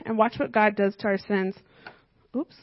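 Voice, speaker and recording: A woman teaching a children's church lesson, lively and often asking the kids questions. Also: mid-range voice, moderate pace, no echo, dull audio.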